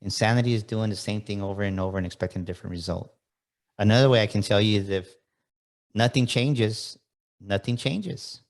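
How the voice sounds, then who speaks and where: Low-voiced man hosting a motivational podcast. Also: fairly even intonation, racing. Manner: preachy, rallies listeners directly. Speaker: podcast host.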